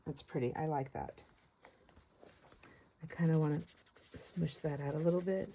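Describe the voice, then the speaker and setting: A woman's voice: low-pitched, steady tone, normal speed, mellow, a little hiss or hum. A middle-aged woman chatting casually while she paints, rambling and laughing often. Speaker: craft vlogger.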